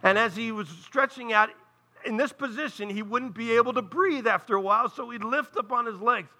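Briskly, this man preaches his sermon like a pastor in the pulpit, his high-for-a-man voice very bright and sharp. He explains things earnestly and keeps breaking off for direct asides to the congregation.

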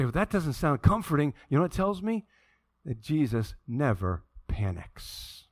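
Fairly high-voiced preacher, dynamic delivery. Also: male voice, very animated, measured pace, no room sound, clean studio sound. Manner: dynamic, swings from hushed to impassioned; conversational asides to the congregation. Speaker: pastor. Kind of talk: sermon with scripture reading.

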